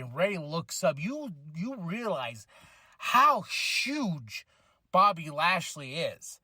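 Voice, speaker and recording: A man hosting a podcast, casually recapping a wrestling show, excitable, laughing often, swearing and acting out what people said. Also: sits high, no room sound, studio quality. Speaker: podcast host.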